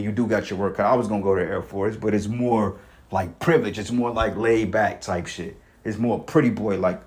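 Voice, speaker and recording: A man with a lowish voice reads news aloud and breaks off to comment. His asides ramble in a streetwise way and are full of swearing. He often repeats words and restarts his sentences. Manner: profane, rambling, streetwise talk.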